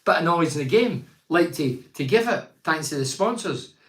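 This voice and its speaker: An older man from Teesside hosts a casual chat, reading viewer comments aloud. He talks in a blunt, opinionated, rambling way, in a voice pitched a little high for a man. The room around him sounds echoey. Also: expressive, moderate pace, a bit bright.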